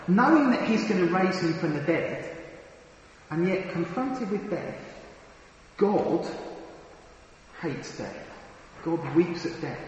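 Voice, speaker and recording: A man's voice: a little high, slight background noise. A man preaching a sermon, earnest and emphatic, often restarting and repeating his words. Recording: very echoey hall with long reverb.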